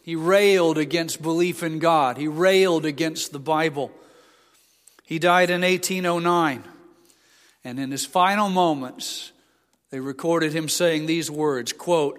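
Impassioned male preacher in a big hall. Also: measured pace. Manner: impassioned, rising to emphatic peaks then dropping low. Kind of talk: sermon. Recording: long reverb of a large hall.

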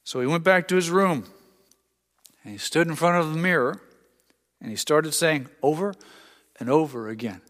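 Male pastor, slightly high voice, long reverb, earnest storyteller. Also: moderate pace, pauses often, a bit bright. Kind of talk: sermon.

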